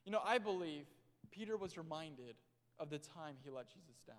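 High-voiced preacher in an echoing hall. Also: male voice, expressive, moderate pace. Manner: dramatic swings between loud and hushed delivery. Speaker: pastor. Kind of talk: sermon. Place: church sanctuary. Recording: long hall reverb.

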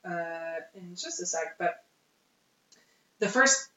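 A woman's voice: lowish voice, takes it slowly. A woman co-hosting a podcast, telling history in casual chat with plenty of ums and uhs. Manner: lively, tells history with frequent ums and uhs. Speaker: podcast co-host. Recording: roomy, dull lo-fi sound.

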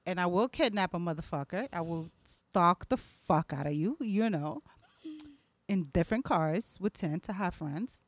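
A woman co-hosting a podcast in casual chat, loud and profane, laughing and acting out voices. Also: on the low side, lively intonation, moderate pace, slight background noise. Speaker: podcast co-host.

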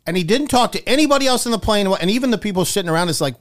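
A man co-hosting a radio talk show, telling a wry, animated story in casual chat. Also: high voice, very fast, hardly any pauses.

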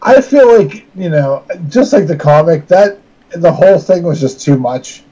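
A man's voice: on the high side, very animated, unhurried, warm tone. A man on a casual podcast panel, talking bluntly and dismissively. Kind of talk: casual chat. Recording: dull lo-fi mic.

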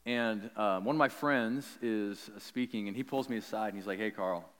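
A man preaching a sermon, telling a personal story in an animated, chatty way with lots of likes and ums. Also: lowish voice, moderate pace, long reverb tail. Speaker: pastor.

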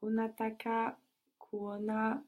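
A woman's voice: a little high, completely flat delivery, slow, a little mellow. A woman learning a language, answering prompts carefully and tentatively, sometimes restarting a word.

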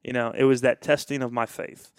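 Pastor, man, smooth voice, dry recording; casual storyteller who plays out the dialogue. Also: mid-range voice, fairly quick, no room sound. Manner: animated, acts out quoted dialogue.

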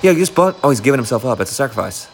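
A man's voice: medium pitch, very animated, racing. A man streaming while watching a baseball game, heckling players with profane, jokey outbursts. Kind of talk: live sports watch-along commentary.

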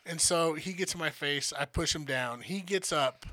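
A man co-hosting a podcast, telling an animated, profane story and acting out what people said. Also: on the high side, normal speed, no room sound. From Denver area, USA. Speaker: podcast co-host. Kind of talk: casual storytelling chat.

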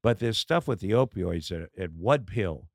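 A middle-aged man, a comedian and podcast guest, in casual chat, telling candid stories with halting fillers and acted-out dialogue. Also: low-pitched, lively intonation, creaky, no room sound, studio quality.

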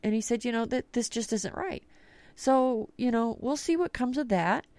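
A woman's voice: a little high, lively intonation, moderate pace, a little mellow, no room sound. A woman hosting a talk radio podcast, telling stories in a casual, blunt way and swearing freely. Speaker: podcast host.

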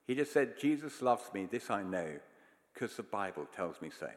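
A man's voice: lowish voice, big pitch swings, normal speed. A man preaching a sermon, telling stories in an earnest, emphatic way. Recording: long hall reverb.

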